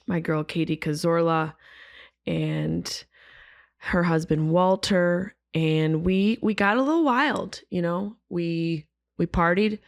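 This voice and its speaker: A woman opens her podcast in a worn, hoarse voice that sits somewhat low. She talks in a loose, rambling, self-deprecating way. The sound is dry and close. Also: no room sound. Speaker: podcast host. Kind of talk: casual podcast intro.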